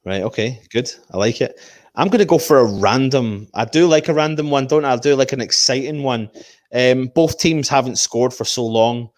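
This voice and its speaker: A man's voice: medium pitch, normal speed, no echo, studio quality. A man hosting a casual fan live stream, reading viewer comments and making match predictions. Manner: animated, reads out viewer comments.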